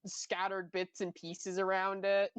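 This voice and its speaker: A woman taking part as a player in a tabletop game, describing things haltingly with many fillers. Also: medium pitch, completely flat delivery, clear, resonant tone, no room sound. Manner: halting, lots of "uh" and "like". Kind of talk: describing her character's home in a tabletop game.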